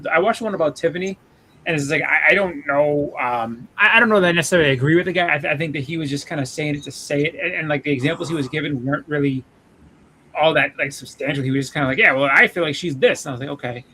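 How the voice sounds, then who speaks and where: A man chatting casually about wrestling, halting and full of restarts. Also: on the high side, sharp tone, slight background noise, poor audio. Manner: halting, many restarts and fillers. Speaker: podcast co-host.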